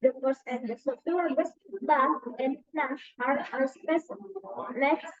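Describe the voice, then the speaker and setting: A woman student giving a class presentation, reading from notes in a halting way and repeating words. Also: high voice, dry recording, lo-fi sound.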